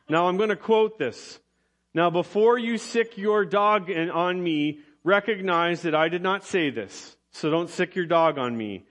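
A man's voice: a little high, a little slow, a bit bright. A man preaching a sermon to his congregation, explaining scripture with light personal humor and emphatic repetition. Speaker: pastor.

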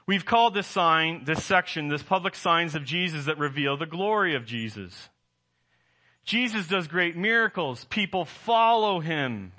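A middle-aged man from the Southern United States preaching a sermon as pastor, posing rhetorical questions to the congregation with animated rises and drops. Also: fairly high pitch.

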